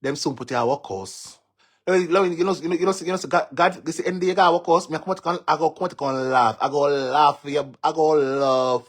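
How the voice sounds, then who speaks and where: He talks fast, his voice on the high side, and he has a Jamaican accent. As a social media commentator on a live stream, he delivers a ranting monologue packed with mockery, cursing, taunts and repetition.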